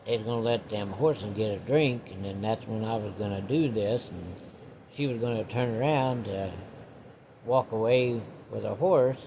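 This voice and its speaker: A man's voice: lowish voice, normal speed, dark tone, slight background noise. A man telling a rambling personal story in a folksy, casual way.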